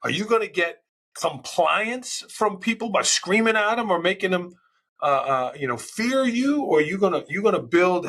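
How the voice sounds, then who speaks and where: A passionate, loud middle-aged man from New York who talks like a storyteller and acts out the people he quotes. His voice sits a little high and sounds bright and forceful. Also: expressive, normal speed. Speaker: school leader, podcast guest. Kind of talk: casual interview talk.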